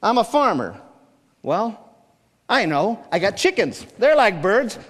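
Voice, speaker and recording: A man's voice: high voice, sing-song, a little slow, fairly bright tone, heavily acted. A man voicing a plain-spoken farmer puzzling aloud about what to do. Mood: musing. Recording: long hall reverb.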